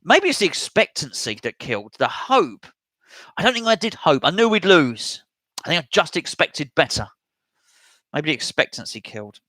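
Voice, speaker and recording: A man's voice: fairly high pitch, sing-song, moderate pace, bright, forceful tone, no room sound. A man hosting a casual live stream, chatting and reading out viewer comments as he replies. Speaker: host reading live chat.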